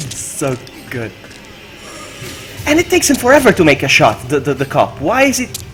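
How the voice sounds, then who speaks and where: A man streaming a co-op game, chatting excitedly with his partner and repeating himself as he reacts. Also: fairly high pitch, normal speed, pauses often, faint music behind. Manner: excitable, yelps and laughs often, repeats himself. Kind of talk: excited gaming commentary.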